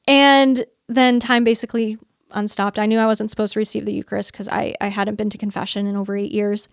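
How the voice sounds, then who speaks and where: A woman's voice: medium pitch, level tone, fairly quick, creaky, clear, resonant tone, dry recording, studio quality. A young woman as an interview guest, telling a personal story in an earnest, chatty way, often quoting her own thoughts and laughing.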